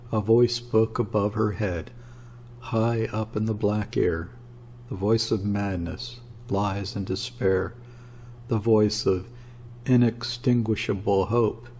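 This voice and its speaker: A man narrating a classic story in a measured, dramatic reading. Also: lowish voice, steady tone, a little mellow, slight background noise. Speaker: audiobook narrator.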